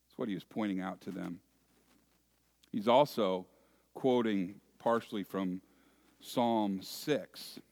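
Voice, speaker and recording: Slow, deliberate male preacher. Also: fairly low pitch, vocal fry. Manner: deliberate, with rising emphatic phrases and quiet asides. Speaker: pastor. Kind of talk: sermon.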